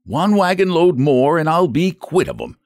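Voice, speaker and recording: A man voicing a gruff, stubborn express agent with a put-on Irish brogue, talking in a blustering, emphatic way. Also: sing-song, moderate pace, dry recording, studio quality. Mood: indignant. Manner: blustering, emphatic, high and loud.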